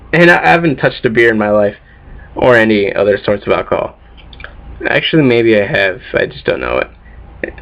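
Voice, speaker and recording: A man's voice: fairly low pitch, sing-song, normal speed, pauses often, a bit bright. A teenage boy vlogging in a casual, rambling way, offhand and swearing a lot, tired from lack of sleep. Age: teens. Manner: profane, offhand, self-mocking. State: sleep-deprived. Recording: dull lo-fi home recording.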